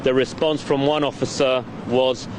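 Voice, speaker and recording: A man, a victim's parent, reading a prepared statement in a grave, measured voice. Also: medium pitch, steady tone. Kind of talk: prepared statement read aloud. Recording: street traffic noise behind. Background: clear traffic and street noise.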